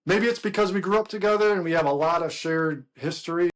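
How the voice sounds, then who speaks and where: A man's voice: high-pitched, fast. A middle-aged man telling rambling stories as a guest in a casual chat, laughing and breaking into quoted voices.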